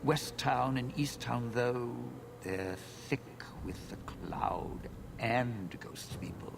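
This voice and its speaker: An actor playing a sly, jaded old male ghoul crooner in a video game, wry and dropping to hushed whispers. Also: mid-range voice, takes it slowly. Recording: clear background noise in game audio.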